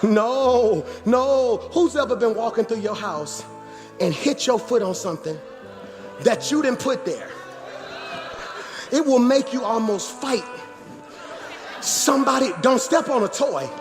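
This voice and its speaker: A man in his forties, a pastor preaching in a church sanctuary, animated, with shouted and sing-song phrases. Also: very high voice, unhurried, pauses often, over music. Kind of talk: sermon.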